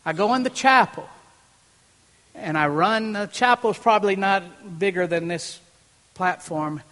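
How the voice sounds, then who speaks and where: A pastor preaching a sermon from a church platform, telling a personal story and swinging from hushed moments to loud preaching. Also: male voice, sits high, a little slow. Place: church platform before a congregation. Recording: long reverb in a large hall.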